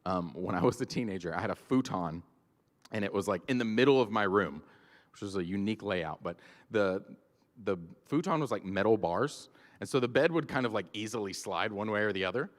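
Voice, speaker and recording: A man's voice: on the low side, animated, a little fast. Man preaching in a reverberant hall. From Georgia, US. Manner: casual, storytelling, filler-heavy. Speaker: pastor. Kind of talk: sermon. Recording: long church-hall reverb.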